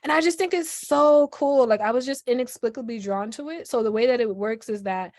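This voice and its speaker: A woman's voice: fairly high pitch, fairly quick, dry recording. A woman from Brooklyn, chatting animatedly as a guest on a video call, full of "like" and "yo". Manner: animated, lots of "like" and "yo", laughs often. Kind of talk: casual chat on a video call.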